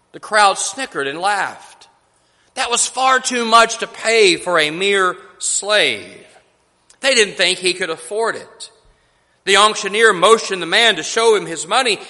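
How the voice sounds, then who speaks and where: A man preaching a sermon, telling a story in a slow, deliberate way with emphatic pauses. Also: high-pitched, sharp tone, long reverb tail.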